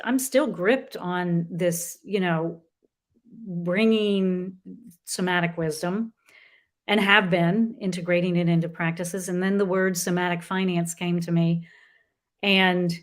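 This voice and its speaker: A middle-aged woman, a guest author in a conversational interview, who talks in an earnest, halting way with many restarts. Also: on the low side.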